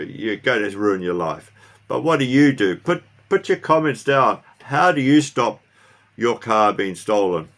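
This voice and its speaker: A man's voice: lowish voice, fairly bright tone. Rambling man vlogging to viewers. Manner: rambling, asks viewers questions, restarts. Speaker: car vlogger. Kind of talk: casual talk to camera. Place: New Zealand.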